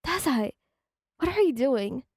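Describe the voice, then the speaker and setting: A woman voicing a frightened young woman in a soft, pleading whispered role-play. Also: on the high side, unhurried, husky, no room sound, clean studio sound.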